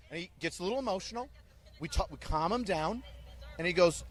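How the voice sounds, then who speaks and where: This army drill sergeant talks fast in a high-pitched voice. He tells stories animatedly during an interview, barking out the orders he quotes.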